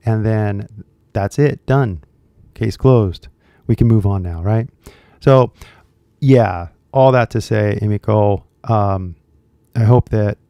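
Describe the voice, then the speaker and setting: Chatty man with a gravelly, warm voice. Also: medium pitch, dry recording, studio quality. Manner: chatty, rambling, lots of fillers. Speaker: English teacher. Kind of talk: casual spoken lesson.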